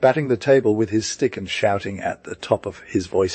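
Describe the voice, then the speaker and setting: A man reading a stage comedy aloud as an audiobook, naming each speaker in a plain, even way. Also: on the low side, normal speed, few pauses, breathy edge, no room sound. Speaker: audiobook reader.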